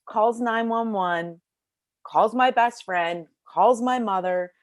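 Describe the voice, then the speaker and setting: A middle-aged woman telling a personal story as an interview guest in a casual, animated way, acting out the voices of people in it, recorded in a bedroom at home. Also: on the high side, slow pace, no room sound, clean studio sound. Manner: casual, lots of fillers like "like".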